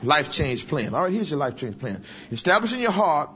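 Man preaching, kinda high voice, jokey folksy sermon. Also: very animated, a little fast, fairly bright tone, a little hiss or hum. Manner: humorous, folksy preaching with acted asides. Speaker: pastor.

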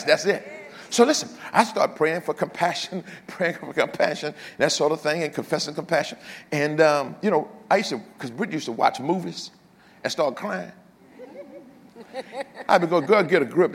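Older man preaching in a reverberant hall. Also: fairly high pitch. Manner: dramatic swings from loud to hushed, humorous asides to congregation. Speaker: pastor. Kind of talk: sermon. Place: church.

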